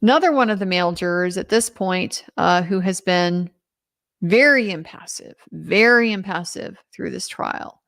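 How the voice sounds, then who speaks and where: A woman's voice: fairly low pitch, moderate pace, vocal fry, a bit bright. A woman as a legal commentator, giving a casual trial recap in a conversational way with lots of filler words.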